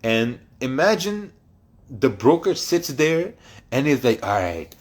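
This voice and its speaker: A man's voice: a little high, lively intonation, slow pace. A man hosting a trading livestream, reading chat questions aloud and answering them bluntly, with plenty of swearing and laughter.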